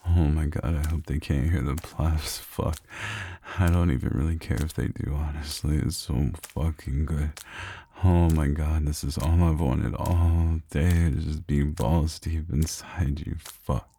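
A man performing an intimate audio role-play in a low, close, murmured delivery, speaking near the microphone. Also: steady tone, unhurried, dark tone, a little hiss or hum. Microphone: close microphone, speaking near the ear.

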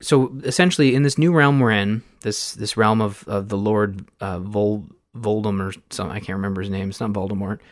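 A man's voice: fairly low pitch, steady tone, normal speed, hardly any pauses, dry recording, studio quality. A man hosting a podcast, recapping a video game in a loose, rambling way with many fillers and restarts. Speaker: podcast host.

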